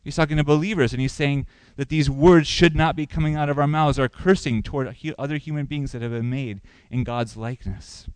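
A man's voice: fairly high pitch, fairly even intonation, brisk, hardly any pauses, a little mellow, clear, resonant tone, no room sound, poor audio. Male pastor, sermon delivery, questioning and emphatic, dry close recording. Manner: asks the congregation questions, rising for emphasis.

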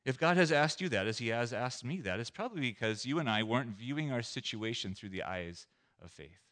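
A man preaching a sermon as a pastor, animated, acting out scenes and asking the listeners questions. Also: mid-range voice, brisk. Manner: animated, acts out scenes, asks the audience questions.

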